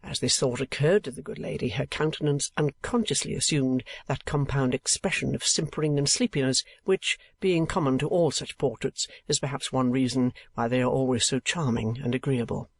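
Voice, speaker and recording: A man of medium pitch narrates a classic novel as an audiobook, reading in a measured yet expressive manner. The recording is dry.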